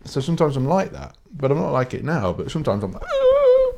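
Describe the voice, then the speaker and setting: A man's voice: mid-range voice, very animated, fast, vocal fry, a little mellow, a little hiss or hum. A British man hosting a solo podcast, ranting in a blunt, sweary, rambling way with frequent restarts. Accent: British English. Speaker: podcast host. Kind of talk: casual solo podcast rant.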